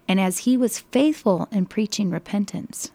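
Woman storyteller for Bible stories, gravelly voice, dry close sound, emphatic. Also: medium pitch, no echo. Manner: expressive, slow and emphatic.

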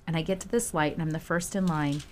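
A middle-aged woman with a lower voice tells a story from her past in a relaxed chat. She gets animated and laughs easily as she talks. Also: fast, a little hiss or hum. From Houston, Texas.

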